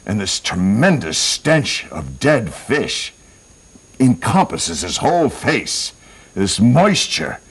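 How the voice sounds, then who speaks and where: Deep-voiced man telling a joke. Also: breathy edge, rough recording. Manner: laughs at his own jokes, animated. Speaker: joke teller. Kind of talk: told comic story.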